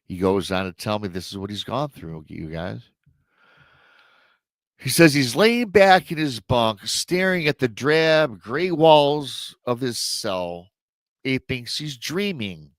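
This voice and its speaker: Male host retelling a listener story; chatty, rambling, mid-pitched, dry recording. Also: very animated, slow, no echo. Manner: rambling, conversational asides to the audience.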